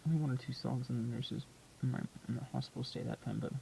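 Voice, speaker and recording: A vlogger telling a painful personal story in a confessional way, often dropping to a hush and then swinging loud. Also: mid-range voice, steady tone, quick pace, vocal fry, a little hiss or hum, rough recording. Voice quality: hushed, often whispered delivery. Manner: emotional, swings from hushed to loud.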